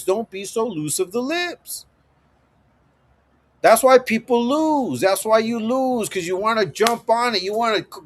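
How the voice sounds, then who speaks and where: High-voiced, swaggering livestream host. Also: male voice. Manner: swaggering, profane, laughs often. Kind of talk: profane motivational livestream talk. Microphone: streaming setup.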